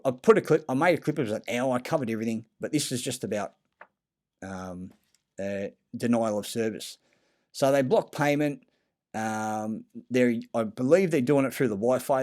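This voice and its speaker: Brief: man, mid-pitched, rambling conspiracy monologue, swears a lot, stumbles and restarts. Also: darkish tone. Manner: profane, halting, many fillers and restarts. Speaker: conspiracy talker.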